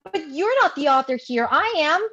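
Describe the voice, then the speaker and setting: A woman reading an eager young writer, high and lively. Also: muffled recording. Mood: excited. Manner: eager, quick questions and sudden exclamations. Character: young woman aspiring writer leading the group. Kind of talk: live play reading.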